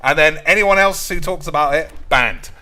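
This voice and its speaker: Guy ranting thru his game, sweary and cocky, bright punchy voice. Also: on the high side, moderate pace. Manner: crude, ranting, mock-boastful. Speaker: gaming streamer. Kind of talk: profane gameplay commentary.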